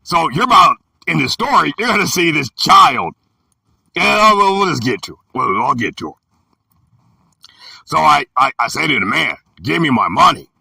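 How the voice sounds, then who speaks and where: A man in his fifties telling a story in an emphatic, preachy way, sometimes shouting, with a gravelly, raspy voice. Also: on the high side, big pitch swings, moderate pace, long pauses, no echo. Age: 50s. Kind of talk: storytelling talk. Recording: dry and distant from the mic.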